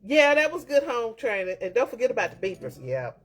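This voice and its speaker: A husky-voiced woman chats easily as a host, telling her stories with a lively, rising and falling pitch. She laughs often and throws herself into each anecdote. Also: fairly quick. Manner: animated storytelling, laughs often. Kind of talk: casual chat.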